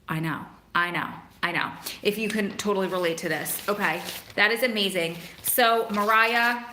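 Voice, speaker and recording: A woman's voice: mid-range voice, sharp tone. A young woman hosting a casual livestream, chatting with viewers by name and reading aloud to them. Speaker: host of a livestream for prison families. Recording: echoey room.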